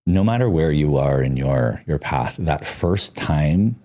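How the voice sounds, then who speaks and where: A man's voice: extremely low pitch, animated, a little slow, mellow. A man talking as a podcast guest, telling stories in a loose, casual way, full of "like" and the odd swear. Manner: loose, frequent "like", swears freely. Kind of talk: casual storytelling.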